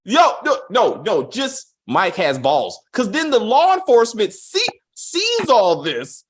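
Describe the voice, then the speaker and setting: A man with a high, husky voice reviews a TV series slowly and casually, swearing a lot. He's animated, mocking the plot by retelling it and acting out quotes.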